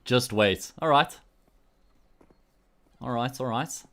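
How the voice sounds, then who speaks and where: A man with a South African accent commentates an esports stream solo, chatting with his viewers between matches through jokey, meandering banter and lots of restarts. His mid-range voice is fairly bright, and he talks slowly.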